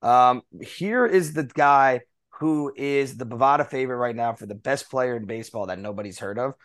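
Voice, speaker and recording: This baseball podcast co-host has a mid-range, fairly bright voice and talks at a normal speed. He runs through the news items casually, reading from notes with frequent fillers in a conversational sports chat.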